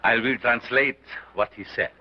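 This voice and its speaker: A man's voice: medium pitch, normal speed, muffled recording, noisy background, lightly acted. An actor playing a commanding male mad scientist lecturing a carnival crowd, with an unplaceable accent and a declamatory delivery, on an old 1930s film soundtrack. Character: theatrical mad scientist showman, male, middle-aged, commanding.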